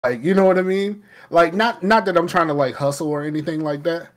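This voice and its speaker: A man hosts a podcast in easy, rambling talk. His voice sits a little high for a man, and he laughs often and trails off into restarts. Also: a little fast. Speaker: podcast host. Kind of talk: casual chat.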